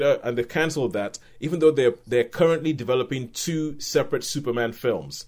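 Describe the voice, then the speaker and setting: A man's voice: medium pitch, a little fast, hardly any pauses, a little mellow. A man hosting a casual film review podcast, playful and jokey and often laughing. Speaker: podcast host.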